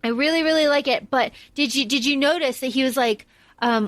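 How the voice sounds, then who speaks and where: A woman's voice: high voice, fairly quick, fairly bright tone, no echo. A woman co-hosting a podcast in casual chat, enthusiastic and gushing. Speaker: podcast co-host.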